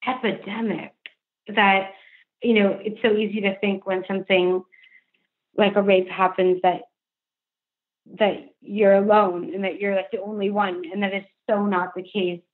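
A woman's voice: medium pitch, flat delivery, unhurried. A young adult woman speaking earnestly and candidly as a podcast guest, with frequent "like" fillers. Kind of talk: candid interview conversation. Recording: phone-line remote call.

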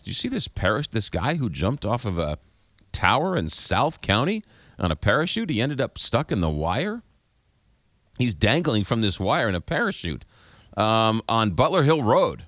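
A man's voice: lowish voice, no echo. A man hosting a talk radio show, telling stories in a casual, conversational monologue. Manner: animated storytelling, acts out voices in quotes; conversational, frequent fillers and restarts. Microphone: studio microphone.

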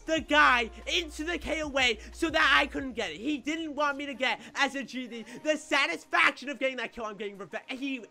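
A man hosting an excitable gameplay commentary, loud and frustrated, often yelling. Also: very high-pitched, brisk, creaky, few pauses, soft background music. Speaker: gameplay video host.

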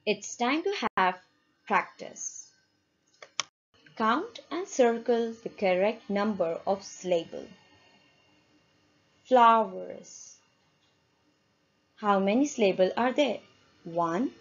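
A woman teacher, giving a classroom lesson for children and quizzing her pupils with repeated questions. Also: mid-range voice. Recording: dull lo-fi recording.

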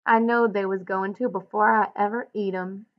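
A woman's voice: mid-range voice, steady tone, normal speed, dull audio, lightly acted. Woman reading as a worried old ranch hand. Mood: pleading.

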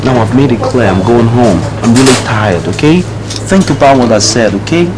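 A man's voice: medium pitch, animated, moderate pace, over music, lightly acted. An actor playing a cold, dismissive young man who lectures his fiancee in a condescending way. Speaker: young man ending an engagement. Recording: noisy film soundtrack.

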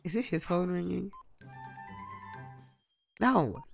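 A young woman giving casual gameplay commentary, exasperated and prone to loud outbursts. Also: on the low side, expressive, slow, gravelly, faint music behind. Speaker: gaming YouTuber.

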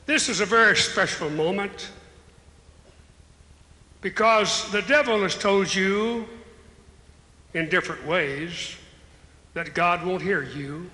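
A man's voice: high voice, takes it slowly, long pauses, sharp tone. An older man preaching an impassioned sermon as an evangelist at a live church service, building to raised calls. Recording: echoey hall with long reverb.

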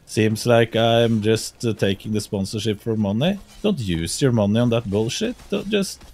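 A man with a Norwegian accent, chatting casually as a guest in an easygoing, halting way with many fillers. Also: fairly low pitch, lively intonation, a little mellow. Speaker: guest streamer. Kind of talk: casual podcast chat.

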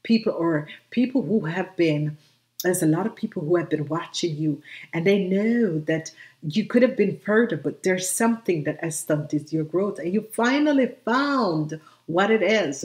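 Woman tarot reader, lower register, direct and encouraging to camera, filler-heavy delivery. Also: a little mellow. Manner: encouraging, emphatic, many "um" fillers. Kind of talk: solo video reading addressed to viewers.

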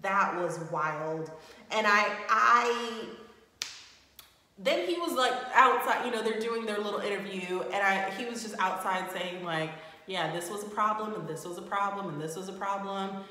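Young woman chatting a show recap at home, bright voice, big echo, gets loud and outraged. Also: mid-range voice, moderate pace. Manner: chatty, reacts with bursts of loud shocked indignation. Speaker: recap host. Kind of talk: casual recap commentary. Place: home room. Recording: roomy echo with long reverb.

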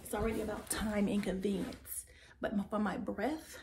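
A woman's voice: medium pitch, flat delivery, moderate pace. A young woman vlogger chatting casually and playfully to her viewers while decorating at home, sometimes dropping to a whisper. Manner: playful, talks straight to viewers; drops to a whisper at times. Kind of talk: casual vlog chat. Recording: noisy home recording.

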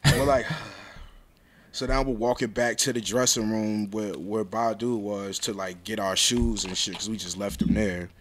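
A young man, a rapper guest, telling a story in a casual interview, loud and laughing, jumping between low mutters and high exclaims. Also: steady tone, measured pace.

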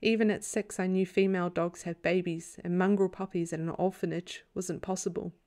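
A woman reading a novel aloud as a bedtime story in a calm, even storytelling voice. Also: fairly low pitch, fairly quick. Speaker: audiobook reader.

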